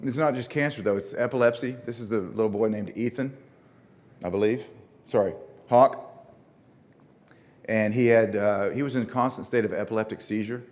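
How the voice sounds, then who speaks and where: A man's voice: lowish voice, a little fast, a little mellow. A man with a northern Louisiana accent giving a conversational lecture presentation with slides, often restarting words and asking the audience questions. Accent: Northern Louisiana (Shreveport). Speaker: conference presenter.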